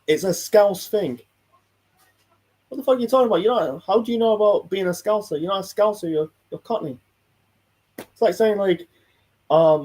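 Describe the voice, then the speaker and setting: A man's voice: sits high, moderate pace, long pauses, mellow. A man hosting a casual live stream, reacting to a video with a rambling, repetitive, heated and sweary manner. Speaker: host reacting to a football video.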